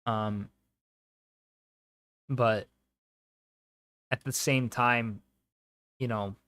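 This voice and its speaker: A young man hosting a live football watch-along, chatting casually in slang and breaking into loud, high outbursts at the action. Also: steady tone, extremely slow.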